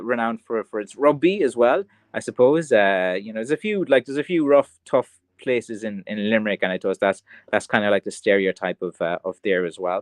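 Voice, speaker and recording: Recorded with no echo, a lowish-voiced man with an Irish accent hosts a livestream to sell his crafts. He reads out viewer comments and chats informally, wandering through his thoughts with many fillers and restarts.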